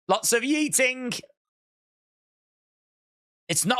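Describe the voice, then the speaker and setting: A speaker giving excitable live reaction commentary on a wrestling show, breaking into shouts and laughs. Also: mid-range voice, measured pace, long pauses. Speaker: wrestling watch-along streamer.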